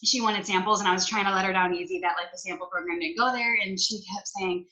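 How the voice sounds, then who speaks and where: A woman's voice: mid-range voice, fairly even intonation, fast talker, bright, forceful tone, poor audio. A woman hosting a live-stream interview who talks in a bubbly, gushing way with lots of fillers. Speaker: host.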